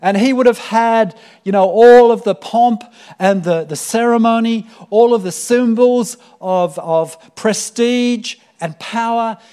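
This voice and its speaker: A man's voice: very high voice, slow pace, dark tone, clear, resonant tone. A man preaching a sermon to a church congregation, earnest and full of fillers and repeated words. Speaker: pastor.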